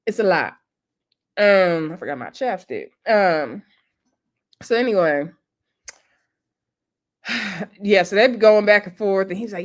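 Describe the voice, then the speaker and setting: A woman casually recapping a reality show episode, chatty and opinionated, retelling each scene in quoted dialogue. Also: medium pitch.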